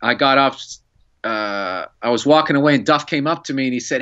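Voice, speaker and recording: A man, a comedian and podcast guest, telling an animated story in casual chat and acting out the quotes. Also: mid-range voice, fast talker, muffled recording. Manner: animated, excitable storyteller who acts out quotes.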